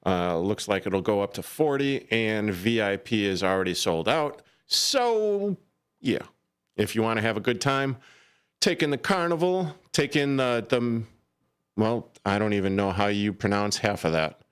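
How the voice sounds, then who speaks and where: A man's voice: fairly low pitch, lively intonation, moderate pace, clear, resonant tone. A man co-hosting a live local radio show, rambling and joking casually in the studio. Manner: playful, jokey, rambling with restarts. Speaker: radio co-host. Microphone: studio microphone.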